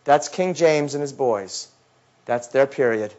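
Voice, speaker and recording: A man giving a lecture, telling a story in an animated way and acting out his own past words, often dropping to a low, intense tone. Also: measured pace. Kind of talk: lecture talk. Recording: dull lo-fi recording.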